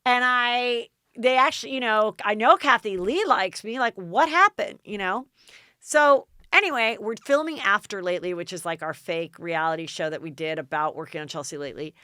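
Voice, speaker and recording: A middle-aged American woman hosting a podcast, telling a story in a lively, dramatic way and acting out the people she quotes. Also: mid-range voice, normal speed, smooth, dry recording, clean studio sound. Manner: animated, dramatic retelling with quoted voices. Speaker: podcast host. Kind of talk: casual storytelling chat.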